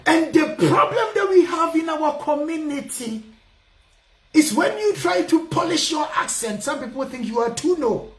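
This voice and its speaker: A man's voice: very high voice, moderate pace. A Ghanaian man with a strong Ghanaian English accent hosts a talk programme in a casual, lecturing way. His voice rises and falls a great deal and he often raises it to stress a point. The sound carries an echoey room. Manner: animated, emphatic, raising his voice to make points. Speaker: radio programme host. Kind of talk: casual call-in radio talk.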